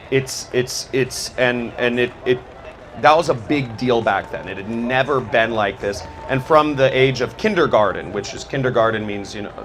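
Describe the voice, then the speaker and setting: A man's voice: medium pitch, a bit bright. A man giving a loose, rambling talk, full of fillers and restarts. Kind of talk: casual spoken talk on history.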